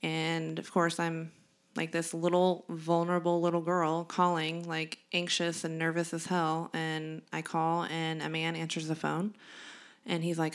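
A woman's voice: sits low, flat delivery, moderate pace. A young adult woman co-hosting a podcast, earnestly telling a personal story in candid conversation. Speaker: podcast co-host.

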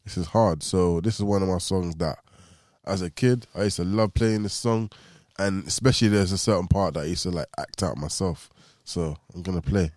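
A man co-hosting a podcast, talking in an easygoing, relaxed way as he reminisces. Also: low-pitched, brisk, no room sound, clean studio sound. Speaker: podcast co-host. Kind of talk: casual chat.

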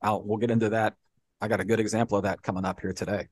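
A man's voice: fairly low pitch, flat delivery, very fast, no echo. A man co-hosting a podcast, explaining history at length in casual talk, often dropping "you know" and "right?". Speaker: podcast co-host.

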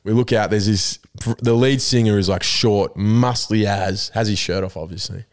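A man's voice: fairly low pitch, normal speed. A man with an Australian accent, co-hosting a podcast in casual banter and telling rambling stories with plenty of swearing. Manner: animated rambling storyteller, swears freely. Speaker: podcast co-host.

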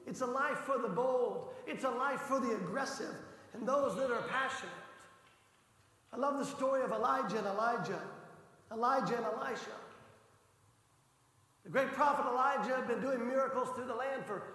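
A pastor preaching a passionate sermon, his voice rising to shouts for emphasis. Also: very high voice, normal speed. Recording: echoey hall reverb.

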